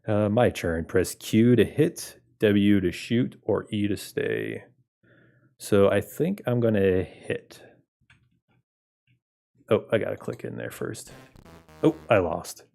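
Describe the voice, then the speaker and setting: Relaxed gravelly-voiced man playing games. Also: fairly low pitch, slow, long pauses. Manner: laid-back, laughs often, chats with viewers. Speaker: game streamer. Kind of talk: casual game playthrough commentary.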